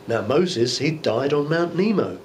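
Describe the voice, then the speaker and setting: A man's voice: a little high, expressive, unhurried, a little hiss or hum. A man, a bishop, preaching an informal Bible teaching sermon in a church, musing aloud with conversational rhetorical asides.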